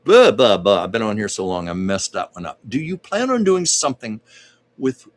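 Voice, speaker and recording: A man's voice: lowish voice, sing-song, fairly quick. A man hosting a casual livestream at home, chatting and reading viewer comments aloud as a psychic medium.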